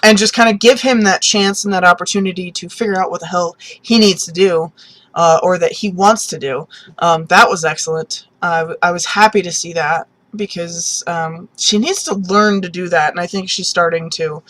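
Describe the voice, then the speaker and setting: A woman giving a casual, animated spoken review of a TV episode, with lots of "um"s and restarts, sometimes acting out characters' reactions. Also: on the low side, moderate pace, rough recording. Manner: animated, many ums and restarts, acts out reactions.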